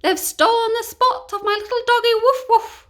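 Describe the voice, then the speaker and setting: A woman voicing an indignant queen in a storybook, crying out in a high shriek. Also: steady tone, normal speed, fairly bright tone.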